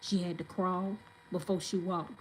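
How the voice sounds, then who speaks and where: A woman's voice: on the low side, little pitch movement, moderate pace, poor audio. A woman, telling her story in an emphatic, venting, casual way straight to viewers, with faint noise behind her.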